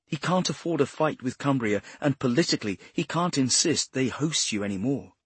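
Man putting on a calm woman detective, polite, measured, raised pitch, husky. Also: no room sound. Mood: stern. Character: composed female detective inspector, diplomatic.

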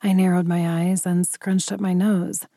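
Low mellow woman reading a story. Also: level tone, measured pace, no room sound, studio quality. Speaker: audiobook narrator. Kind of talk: first-person fiction narration.

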